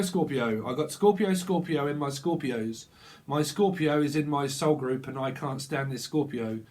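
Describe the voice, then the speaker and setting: A man giving a casual, improvised tarot reading. He rambles playfully, chuckling and riffing on wordplay. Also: a little high. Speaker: tarot reader.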